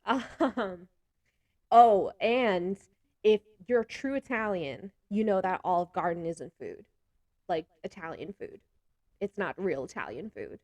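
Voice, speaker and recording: Animated, laughing woman vlogger. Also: mid-range voice, slow, long pauses, no echo. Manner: animated, laughs often between remarks; talks with hands a lot. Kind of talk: casual chat to camera.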